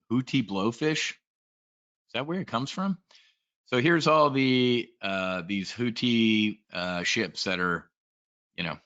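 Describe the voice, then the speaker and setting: A man's voice: medium pitch, sharp tone, lo-fi sound. A man giving a casual, blunt and profane trade briefing, talking in a rambling way as a trading educator.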